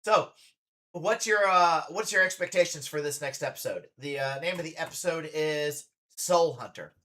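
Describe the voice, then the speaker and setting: A man's voice: fairly high pitch, moderate pace, sharp tone. A man, a drag performer, hosting a casual reaction stream with chatty, playful teasing.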